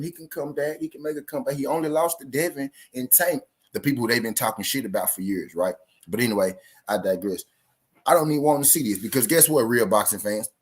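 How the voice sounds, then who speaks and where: Southern US male stream host, somewhat low voice, loose and profane, talks to chat. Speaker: boxing talk show host. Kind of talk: casual live-stream commentary.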